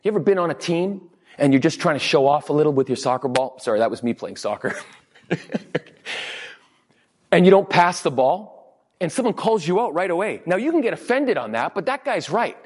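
A man preaching a lively sermon as a pastor, acting out little quoted exchanges in different voices. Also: a little high, fairly quick, breathy edge. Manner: animated, acts out quotes in funny voices. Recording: long hall reverb.

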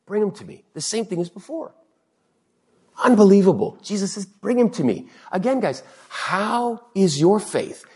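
A middle-aged man preaching a sermon, animated and joking as he acts out bits of dialogue. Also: on the high side, slightly rough. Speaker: pastor.

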